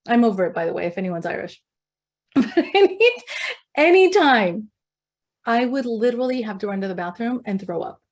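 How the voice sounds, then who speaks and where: A middle-aged woman leading a leadership workshop, questioning her audience and telling stories in an animated way. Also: on the high side. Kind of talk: interactive talk to an audience.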